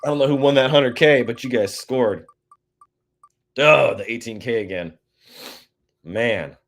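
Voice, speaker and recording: A man's voice: medium pitch, a little slow. A man casually hosting a live-stream prize giveaway, goofy and chatty, reading out codes and talking to viewers.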